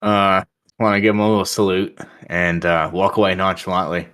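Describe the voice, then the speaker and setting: Low-voiced man playing a tabletop game. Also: fairly even intonation, normal speed, fairly bright tone, clean tone. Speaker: player. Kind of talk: casual tabletop game chat.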